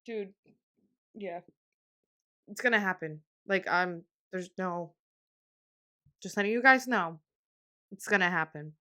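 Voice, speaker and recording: A woman's voice: fairly low pitch, lively intonation, a little slow, long pauses, bright, forceful tone. A young woman in her twenties hosting a casual solo podcast, rambling with lots of fillers and laughs, getting emotional. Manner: emotional, on the verge of tears. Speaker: podcast host.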